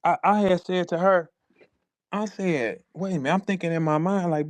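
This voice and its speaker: A man with a St. Louis accent hosting a casual chat, telling stories loudly and acting out dialogue. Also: normal speed, dry recording. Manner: animated storyteller who acts out dialogue with big pitch jumps. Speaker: host. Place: online audio space.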